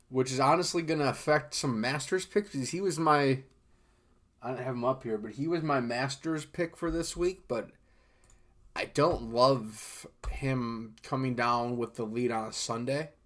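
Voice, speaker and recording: A young man hosts a golf podcast on his own, voice pitched in the middle range. He rambles in a loose, easygoing way, breaking off sentences and filling gaps with lots of "uh" and "um". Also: a bit bright. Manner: loose and rambling, many fillers and restarts. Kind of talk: casual solo podcast chat.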